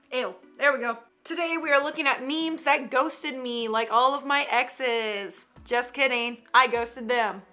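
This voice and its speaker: A woman's voice: high voice, a little slow, sharp tone, soft background music. A young woman in her twenties hosting a casual meme reaction vlog, chatty and giggly with a playfully sassy edge. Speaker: YouTube host.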